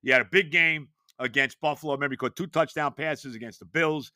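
An older man hosts a sports podcast and talks in a bright, forceful tone that sits a little high for a man. He hammers his points home with rhetorical questions. The sound is dry and close, with little room around it. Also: quick pace, no echo. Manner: animated, emphatic rhetorical questions. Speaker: podcast host. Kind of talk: casual sports talk.

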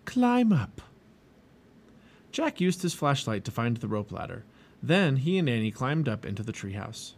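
A man reading a children's storybook aloud in an expressive, lively way. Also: medium pitch, normal speed, a little hiss or hum. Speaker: storybook reader.

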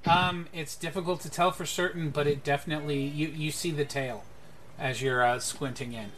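Bright-voiced man running a tabletop game. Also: on the high side, steady tone, normal speed, a little hiss or hum. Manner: hesitant, lots of ums and uhs. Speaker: game master.

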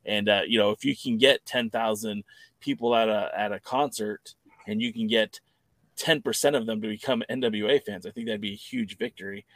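A man's voice: lowish voice, normal speed, fairly bright tone, no echo. Rambling man chatting on a podcast. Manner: rambling, opinionated, self-correcting. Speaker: podcast co-host. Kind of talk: casual chat.

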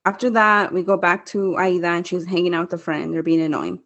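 A woman's voice: fairly low pitch, steady tone, a little fast, fairly bright tone, lo-fi sound. A woman casually chatting and recapping episode scenes, swearing freely and mimicking characters. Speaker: podcast co-host recapping a telenovela. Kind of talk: casual chat.

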